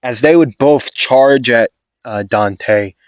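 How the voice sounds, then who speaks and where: A man's voice: medium pitch, takes it slowly, dry recording, muffled recording. A young man casually improvising a fan story, rambling with many fillers and restarts.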